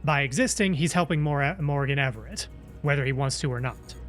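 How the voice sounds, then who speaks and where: A man's voice: medium pitch, fairly quick, soft background music. A man commenting on his gameplay during a live stream, chatty and musing, with playful asides.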